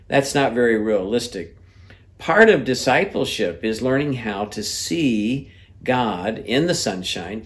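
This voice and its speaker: An older man preaching a sermon as pastor, talking in a relaxed, halting way with fillers and restarts, and reading scripture aloud with lively voices for the quoted lines. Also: lowish voice.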